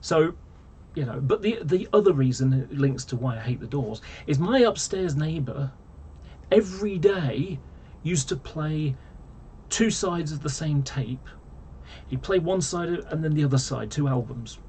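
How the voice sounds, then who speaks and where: A man talks straight to camera in a loose, rambling rant, sounding exasperated and stumbling over fillers and half-started words. His voice sits a little higher than most men's. A faint hum of room ambience is under him. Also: lively intonation, unhurried, darkish tone. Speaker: vlogger.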